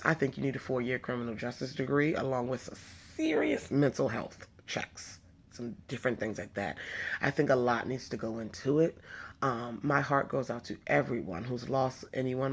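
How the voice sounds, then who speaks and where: A woman vlogging her opinions, earnest and frustrated, talking with halting restarts. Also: low voice, vocal fry, husky. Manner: emphatic and frustrated. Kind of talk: candid opinion vlog.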